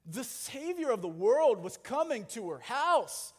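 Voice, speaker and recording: A young man preaching a sermon in a conversational, animated way with jokey asides. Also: extremely high pitch, a little slow. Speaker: pastor. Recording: long hall reverb.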